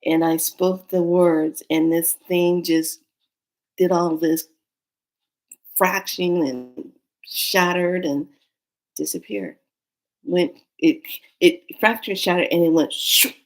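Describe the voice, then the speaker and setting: A woman telling a dream story in a casual, unhurried monologue, acting out the voices she quotes. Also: fairly low pitch, steady tone. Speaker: spiritual storyteller.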